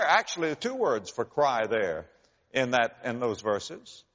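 Man, preacher, sermon, animated pitch, emphatic repetition, dull muffled sound. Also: in a large hall. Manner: preaching with dramatic rises in pitch and volume on quoted cries; slow, emphatic repetition of key phrases. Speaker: pastor.

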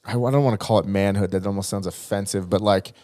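A man's voice: fairly low pitch, fairly even intonation, fast, dark tone, no room sound, studio quality. A man hosting a casual talk, rambling and hesitant as he thinks aloud. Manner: rambling, hesitant, laughs along. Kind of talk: casual chat.

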